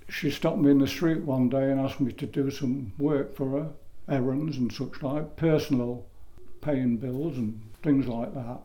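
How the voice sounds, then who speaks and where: A man's voice: medium pitch, steady tone, a little slow, dark tone. An older man from England telling rambling stories about his first jobs as a boy, often correcting himself mid-sentence. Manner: rambling, self-correcting storyteller. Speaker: interviewee recalling his youth. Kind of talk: oral history reminiscence.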